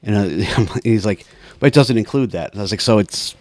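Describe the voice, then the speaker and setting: Low-voiced man telling a rambling story. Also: a little fast, darkish tone, no echo. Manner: rambling, restarts, laughs while telling stories. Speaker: podcast co-host. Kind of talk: casual storytelling chat.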